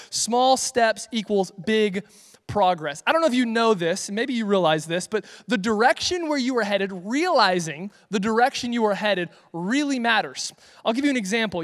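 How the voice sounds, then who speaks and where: A man's voice: high voice, fairly bright tone, big-room sound. A young man giving a casual, joking youth sermon on a livestream, rambling and correcting himself as he goes. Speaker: youth pastor.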